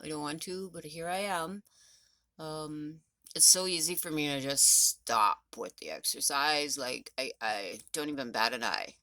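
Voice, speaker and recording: Her voice is deep, bright, and forceful, moving a little slowly as she chats into the phone in her hand for a morning vlog indoors at home. She's still breathless from rowing, laughs a lot, and rambles casually. The audio is studio quality without echo.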